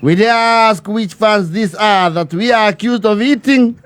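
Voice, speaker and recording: A man delivering a mock formal address as a pompous chairman, with bureaucratic phrasing and drawn-out pauses. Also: high-pitched, fairly bright tone, clear, resonant tone, no room sound.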